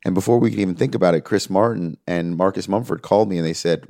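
Fast and low-pitched, the man's speech is recorded at studio quality without echo. He is a music manager giving an interview, earnestly relating a story and animating the quotes from people he talks about.

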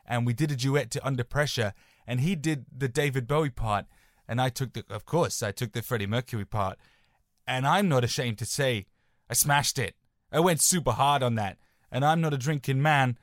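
Recorded at studio quality with no echo, this young podcast co-host speaks at a medium pitch and moderate pace. His talk is relaxed and meandering, full of anecdotes and frequent "sort of" hedges.

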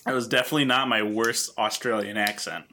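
Man, podcast co-host, bright tense voice, joking casual banter. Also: lowish voice, fairly even intonation, quick pace, slight background noise. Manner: jokey and self-deprecating.

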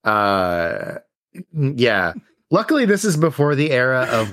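A man's voice: mid-range voice, very animated, takes it slowly, fairly bright tone, dry recording. A man in his thirties, chatting on a podcast with a teasing, rambling manner. His mid-range voice sits dry and close to the mic, with no room around it. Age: 30s. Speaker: podcast co-host. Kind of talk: casual podcast chat. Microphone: remote call mic.

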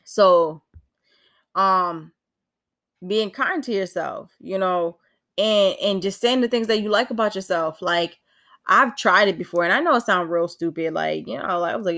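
A woman with a medium-pitched, fairly bright voice talks unhurriedly on her solo podcast, recorded indoors at home while rain falls outside. She's casual and candid, laughing often and swearing now and then.

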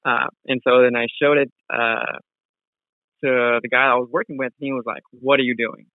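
A man's voice: mid-range voice, fairly even intonation, moderate pace, no room sound. A man, a real estate wholesaler, telling a story in a casual interview with many fillers and restarts. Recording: tinny phone-like sound.

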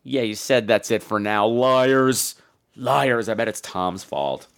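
A man hosting a podcast, chatting casually and reacting to voicemails with theatrical swings from low mutters to high squeals. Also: lively intonation, normal speed. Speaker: podcast host reading voicemails. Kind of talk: casual chat.

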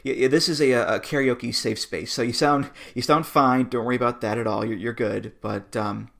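A man's voice: medium pitch, steady tone, moderate pace, vocal fry, a bit bright. A man co-hosting a podcast, chatting casually and reassuringly as he breaks down songs. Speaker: podcast co-host. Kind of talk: casual chat about wrestling theme songs.

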